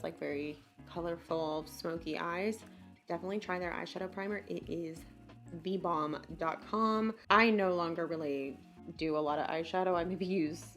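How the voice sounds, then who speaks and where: A woman in her late twenties chatting casually through a makeup tutorial, bubbly and full of self-deprecating asides. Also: fairly low pitch. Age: late 20s. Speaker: beauty vlogger.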